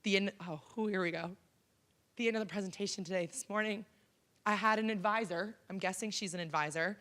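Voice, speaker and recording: Her medium-pitched voice is fairly bright and a little fast. She's a Canadian woman in her thirties, the keynote speaker in a college auditorium, sharing a personal story with the audience in a frank, conversational way full of ums.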